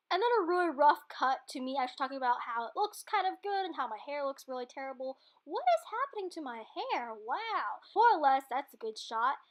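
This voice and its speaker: A woman giving a chatty, self-deprecating, rambling voice-over for her own cooking video, laughing often, recorded at home on a computer microphone. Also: high-pitched. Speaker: cooking vlogger.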